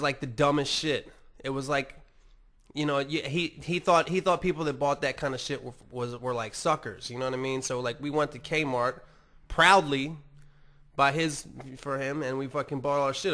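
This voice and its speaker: A man's voice: medium pitch, bright, forceful tone. A man hosting a podcast, rambling casually and swearing a lot while mocking himself. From United States. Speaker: podcast host. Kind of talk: casual profane monologue.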